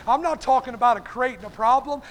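Male preacher, very high voice, fervent evening sermon, punctuates lines with "hey", calls out congregation members by name. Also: fast talker, fairly bright tone, a little hiss or hum. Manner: fervent, peppers phrases with "hey"; addresses listeners by name.

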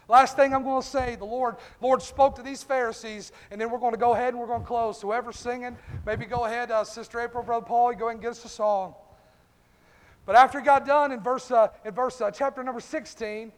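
A male pastor preaching a fervent revival-style sermon in a church, calling out congregation members by name. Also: very high-pitched. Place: church sanctuary. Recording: echoey church hall.

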